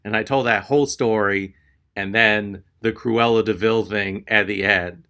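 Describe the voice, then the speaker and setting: Male comic from Texas, crisp bright voice, slightly low pitch, exasperated storyteller. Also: steady tone, unhurried. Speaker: stand-up comedian. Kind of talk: stand-up storytelling.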